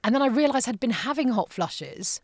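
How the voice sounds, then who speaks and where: A woman's voice: a little high, moderate pace, no echo, clean studio sound. A British woman around fifty, a broadcaster guesting on a podcast, telling stories animatedly and acting out the voices she quotes. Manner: animated storyteller who acts out quoted voices. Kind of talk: casual interview chat.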